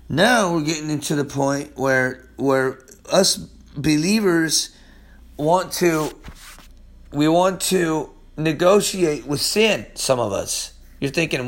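High-voiced laid-back male pastor. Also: lively intonation, slow pace, a bit bright. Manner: loose, chatty, peppered with "man". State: weather-strained voice. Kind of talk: casual Bible-study sermon.

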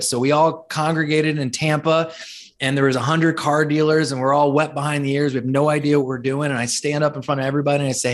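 Brief: a male speaker and author, animated and chatty, repeats words on the way into his sentences. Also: a little high, fast talker. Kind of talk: storytelling interview talk.

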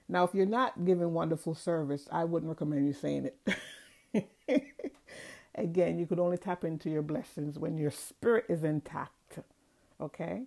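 A woman hosting a casual spiritual talk, chatty, repeating affirmations slowly and deliberately. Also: low-pitched, vocal fry, mellow. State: out of breath. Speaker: host.

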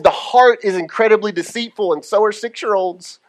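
A male pastor with a fairly high voice gives a sermon in a chatty, storytelling style. He keeps checking in with the congregation and slows to a soft, measured pace when he prays. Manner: conversational storytelling with frequent "okay?" check-ins; drops to slow, soft delivery for prayers. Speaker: lead pastor.

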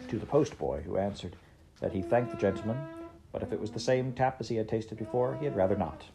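A woman reading a classic story aloud, steady and expressive. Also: a bass voice. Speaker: audiobook reader. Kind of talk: scripted narration.

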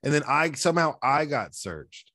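A man's voice: on the high side, big pitch swings, normal speed, sharp tone, no room sound. A man hosting a casual podcast, telling profane, rambling stories full of restarts. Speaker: podcast host.

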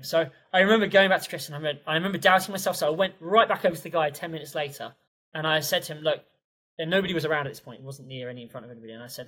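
A man telling a personal story as a podcast guest, animated and full of fillers. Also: on the high side, very fast, poor audio. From England. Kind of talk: conversational storytelling.

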